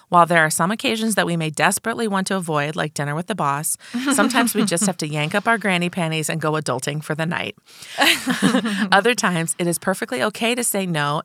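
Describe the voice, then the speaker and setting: A woman's voice: lowish voice, fairly bright tone, dry recording, studio quality. A woman co-hosting a comedy podcast, chatting casually and reading a listener's email aloud with asides. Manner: conversational, reads aloud with asides. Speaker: podcast co-host.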